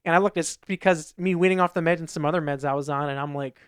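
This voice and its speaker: A man's voice: on the high side, steady tone, fast talker, smooth, no room sound, studio quality. A man co-hosting a podcast in casual chat, rambling through anecdotes and acting out what people said in raised voices. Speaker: podcast co-host.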